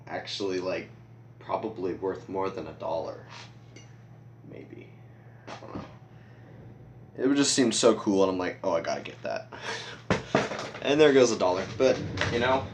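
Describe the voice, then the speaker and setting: A teenage boy rambles through a goofy show-and-tell, poking fun at himself while his voice cracks now and then. His low voice sits back from the mic in an echoey room. A faint hiss runs underneath. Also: far from the mic. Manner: rambling, goofy, self-deprecating. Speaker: vlogger.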